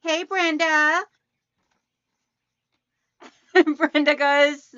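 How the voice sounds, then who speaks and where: A high, bright-voiced woman hosts a casual livestream from home, greeting viewers by name and calling them hon. Her voice is recorded dry and close, a little dull in the top end. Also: very slow, pauses often, no room sound. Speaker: quilting livestream host.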